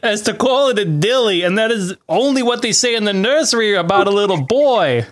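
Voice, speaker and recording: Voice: mid-range voice, lively intonation, a little fast, lightly acted. A reader doing a scolding Victorian girl. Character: scornful Victorian young woman teasing a friend.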